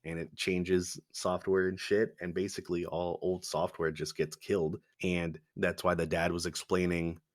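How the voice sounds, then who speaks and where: Low-voiced laid-back podcast guy. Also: level tone, normal speed, few pauses, no echo, clean studio sound. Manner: laid-back, swears a lot, laughs often. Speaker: podcast co-host. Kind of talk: casual movie discussion.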